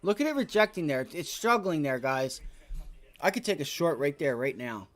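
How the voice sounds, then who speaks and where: A man's voice: a little high, big pitch swings, moderate pace, fairly bright tone. A man hosting a live day trading stream, giving casual, coaching market commentary and swearing freely. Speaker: day trading livestream host. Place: home trading office.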